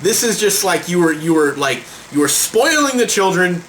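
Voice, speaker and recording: A man's voice: high-pitched, big pitch swings, moderate pace, a bit bright, a little hiss or hum, rough recording. A man vlogging a heated rant to camera. He swears a lot and trips over repeated words in exasperation.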